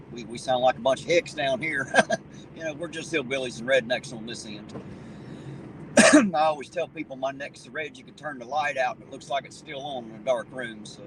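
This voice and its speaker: Easygoing southern Ohio hillbilly man streaming from his car, a bit off-mic, road noise loud behind him. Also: mid-range voice, distant mic. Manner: folksy, easygoing, swears casually. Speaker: livestream host. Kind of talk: casual live-stream chat, reading viewer comments. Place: in a car driving around town at night.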